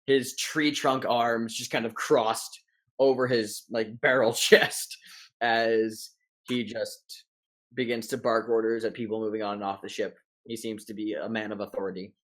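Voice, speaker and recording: A young man running a tabletop game as dungeon master, narrating haltingly with many fillers. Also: fairly low pitch, level tone, a bit bright.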